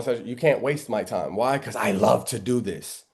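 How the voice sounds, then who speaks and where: Brisk and barely pausing, a trading instructor with a darkish, medium-pitched voice runs a live screen-share lesson. He preaches emphatically, firing off rhetorical questions, biblical references, and repeated "right?"s.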